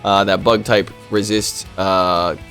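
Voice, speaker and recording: A man casually commentating on a video game battle, reacting aloud to each move with quick bursts of excitement. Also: low voice, soft background music. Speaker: gaming commentator.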